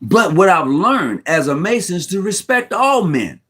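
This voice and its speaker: A man's voice: high-pitched, sing-song, moderate pace, a bit bright, breathy edge. A middle-aged man talking casually on a video call from home, heartfelt and rambling, repeating himself in slangy speech and close to tears. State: near tears. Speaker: Mason guest on a live stream. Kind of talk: emotional casual talk. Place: room at home.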